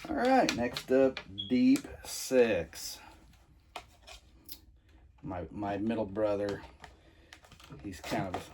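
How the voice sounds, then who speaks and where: A man's voice: fairly low pitch, noisy background. A man casually reviewing toys he is unboxing, rambling with many fillers and restarts. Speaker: toy reviewer.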